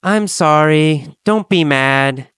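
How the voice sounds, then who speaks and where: A man voicing an anxious, timid young woman who speaks haltingly and apologetically. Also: on the high side, fairly bright tone, smooth, no echo, studio quality. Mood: pleading.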